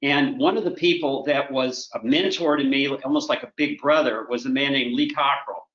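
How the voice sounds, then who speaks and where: Here the Oklahoma guest, a sixty-something former corporate director, tells meandering conversational stories, stopping and restarting with frequent fillers. His voice sits at medium pitch with a touch of brightness, heard over a roomy, somewhat dull remote connection.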